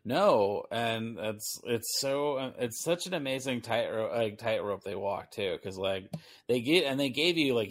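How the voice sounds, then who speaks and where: A man's voice: fairly low pitch, lively intonation, normal speed. A man hosting a podcast, chatting casually and animatedly, often laughing and acting out imagined voices. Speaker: podcast host. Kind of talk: casual chat.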